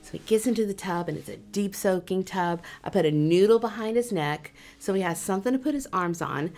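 Speaking a little fast in a mid-range voice, this middle-aged woman, who works as a massage therapist, shares a story from her own life. The telling is relaxed and lively, full of self-mockery and jittery laughs.

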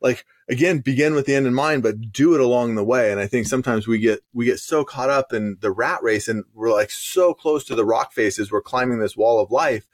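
A man's voice: mid-range voice, a little fast, hardly any pauses, no echo, clean studio sound. A man hosting a podcast, retelling a story in a rambling way, with fillers and restarts. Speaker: podcast host. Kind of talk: casual podcast conversation.

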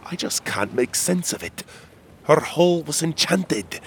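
A man voicing a bold, bearded male ship captain who shouts his orders in a storybook adventure. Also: fairly high pitch, animated, slow, creaky, slight background noise, voice pushed up, full character voice. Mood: baffled. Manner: loud, shouting commands.

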